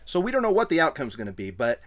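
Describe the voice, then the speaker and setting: Male comic podcast co-host, lively swooping delivery, voices other people for laughs. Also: fairly high pitch, quick pace. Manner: animated, joking, mock-quotes people in voices. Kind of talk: casual comedic recap chat.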